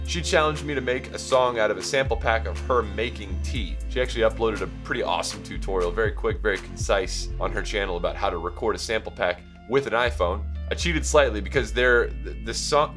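A young man hosting a casual music production tutorial, rambling and joking about himself with plenty of ums. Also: on the low side. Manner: rambling, self-joking, many filler ums. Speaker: music producer and video host.

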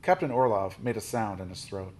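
A man reading a children's novel aloud, lifting his voice for quoted lines and dropping low on speech tags. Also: a little fast. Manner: steady storybook reading, with small restarts.

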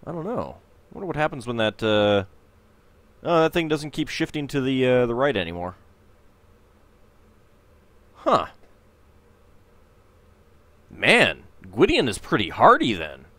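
A man's voice: medium pitch, very animated, a little slow, pauses often, fairly bright tone, dry recording. A man hosting a casual let's play, rambling and hesitant as he comments on the game. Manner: rambling, hesitant, lots of fillers.

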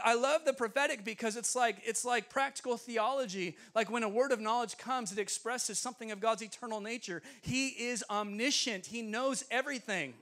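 A young man preaching as a guest speaker, telling stories with laughter and acting out the voices of people in them. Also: very high voice. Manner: animated, laughing, acts out voices in his stories. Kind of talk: sermon storytelling. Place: church sanctuary.

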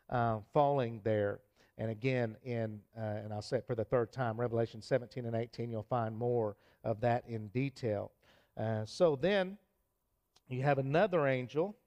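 Earnest pastor preaching a sermon. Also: male voice, a little mellow. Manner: earnest, with frequent fillers and restarts; raises pitch and volume for emphasis. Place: church sanctuary.

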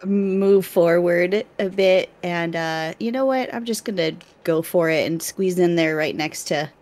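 A woman playing in a tabletop game, thinking aloud at an unhurried pace. Her voice sits on the low side and is slow. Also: a little mellow. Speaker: player. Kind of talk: casual tabletop game play.

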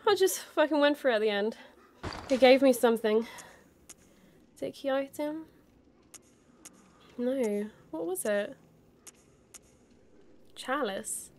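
A woman playing a video game and commenting as she goes, excitable, with frequent exclamations and swearing when under stress. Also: high-pitched, slow pace, pauses often, a little hiss or hum. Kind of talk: let's play commentary. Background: game music.

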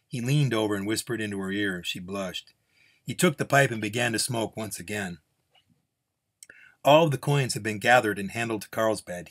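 A man reading a Western story aloud in an unhurried, relaxed way. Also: on the low side. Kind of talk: storytelling narration.

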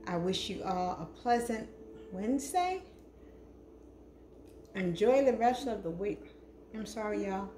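A woman's voice: medium pitch, animated, unhurried, long pauses, a little mellow. A woman casually chatting to her viewers in a cooking vlog, affectionate and chatty, calling them hunty. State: talking with food in her mouth. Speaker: cooking vlogger. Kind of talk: casual chat to camera. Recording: echoey room with faint noise.

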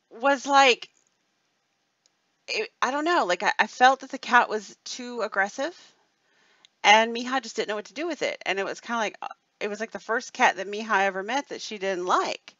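A woman's voice: on the high side, normal speed, pauses often, bright, forceful tone, no echo. A woman hosting a live stream in casual chat, rambling and reading viewer comments, often checking in with "okay?". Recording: dull lo-fi dry sound.

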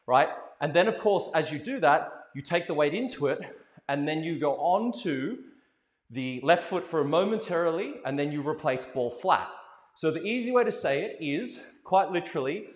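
Energetic middle-aged man coaching in an echoey hall. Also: on the high side. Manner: energetic coaching, calls out counts and step names. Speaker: dance teacher. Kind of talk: live dance lesson. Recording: echoey hall with music playing.

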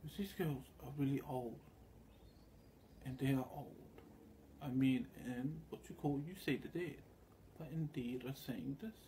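Mellow-voiced man in a rambling monologue. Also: mid-range voice, a little slow, a little hiss or hum. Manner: loose, meandering storytelling with quoted voices.

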